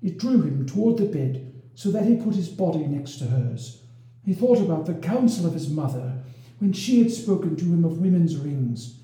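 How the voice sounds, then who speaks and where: Brief: expressive male narrator, very animated, roomy echoing room. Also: fairly high pitch, moderate pace. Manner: expressive, lively storytelling. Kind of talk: storybook reading of a medieval romance. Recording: roomy echo.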